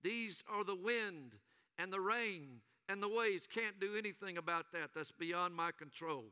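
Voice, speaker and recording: A man preaching a sermon as a pastor, with call-and-response and dramatic pauses. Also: high voice, pushed and bright, clean tone, in a large hall.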